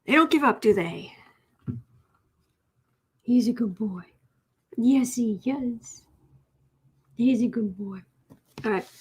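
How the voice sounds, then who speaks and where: A woman hosting a casual tarot livestream, chatting with viewers, reading their comments aloud and cooing softly to her cat. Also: on the high side, takes it slowly, pauses often, husky. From United States. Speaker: tarot reader and livestream host.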